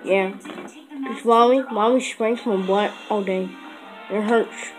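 A female performer voicing a bratty, whiny little boy who cries out in loud, broken grammar. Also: mid-range voice, steady tone, slow pace, over music, pitched below the performer's own voice, natural voice, low-quality recording.

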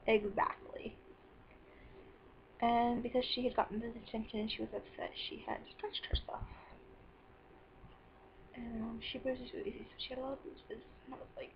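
A woman's voice: fairly high pitch, steady tone, fairly quick, lo-fi sound, slight background noise. A teenage girl venting about her day in a rambling, sarcastic personal vlog. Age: teens. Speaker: vlogger.

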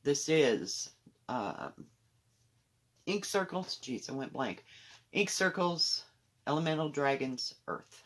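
A woman casually showing her cross-stitch projects at home, rambling candidly with soft muttered asides. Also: low voice, expressive, slow, long pauses. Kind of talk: casual show-and-tell chat.

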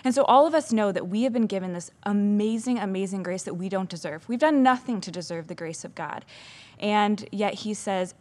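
A woman's voice: medium pitch, brisk, darkish tone. A young adult woman speaks as a children's pastor in a short devotional talk. Her delivery is earnest and chatty, with casual fillers that keep it conversational.

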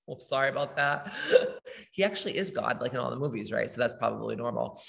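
A woman's voice: a bass voice, lively intonation, fast, gravelly, long reverb tail. Blunt, swearing spiritual healer woman. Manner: blunt, profane, emphatic. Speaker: spiritual healer hosting a live meditation. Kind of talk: casual livestream spiritual talk, reading chat comments.

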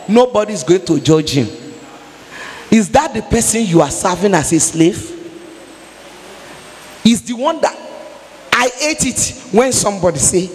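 A woman's voice: medium pitch, big pitch swings, measured pace, long pauses, big-room sound. A woman evangelist with a Nigerian accent, preaching a sermon emphatically and building into fervent prayer.

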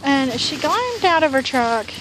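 A woman's voice: sits high, very animated, a little slow, background noise. A woman vlogging on her porch, telling a story in a chatty, rambling way with fillers and sighs. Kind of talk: casual storytelling vlog. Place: home porch, outdoors.

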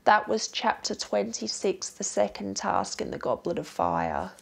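Gravelly-voiced woman recalling exact dates. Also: mid-range voice, wildly swooping pitch, unhurried. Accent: Australian. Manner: plain, literal, recalls precise dates. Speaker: interviewee. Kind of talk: interview answers.

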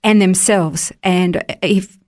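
A woman's voice: lowish voice, fairly even intonation, slow pace, a little mellow. Emphatic woman teaching the Bible. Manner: emphatic, explanatory, fluent. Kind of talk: radio Bible teaching chat.

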